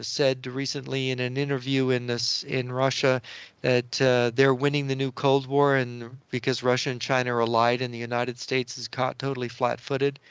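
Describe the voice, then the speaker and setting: A man speaking as a guest analyst in a political interview, blunt and steady, with frequent hesitations. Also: medium pitch, clear, resonant tone, no echo. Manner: blunt, steady, many filler "uh"s.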